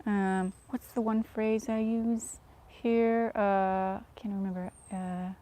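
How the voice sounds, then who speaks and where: A woman vlogger chatting casually to viewers, soft-spoken and often dropping to a whisper, self-deprecating. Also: medium pitch, level tone, slow pace, few pauses, no echo.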